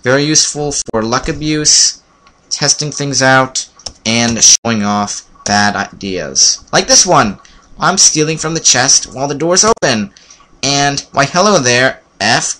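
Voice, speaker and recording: A man giving casual, playful commentary while playing a video game, with sudden excited yelps and frequent fillers. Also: medium pitch, moderate pace. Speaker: let's play commentator. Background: keyboard typing and clicks.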